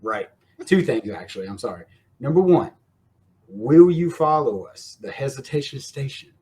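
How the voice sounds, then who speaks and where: A man's voice: mid-range voice, big pitch swings, normal speed, darkish tone. A man hosting a podcast, chatting in a friendly, rambling way. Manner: friendly, rambling, laughs often. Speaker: podcast host. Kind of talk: casual podcast chat.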